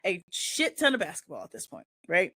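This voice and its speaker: A woman's voice: lowish voice, a little fast, no room sound. A woman hosting a casual chat show, telling a long personal story and acting out what people said. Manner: animated, acts out the quoted lines in the story. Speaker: host.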